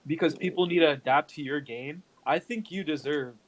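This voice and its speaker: A man's voice: fairly high pitch, normal speed, slight background noise, low-quality recording. A young man co-hosting a casual sports podcast, animatedly defending his picks in a debate. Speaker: podcast co-host.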